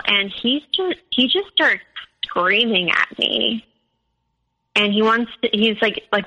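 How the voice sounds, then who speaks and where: Bright-voiced woman recounting her story. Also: mid-range voice, poor audio. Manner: candid storytelling with many fillers, quoting others. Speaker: podcast guest. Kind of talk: personal story in interview.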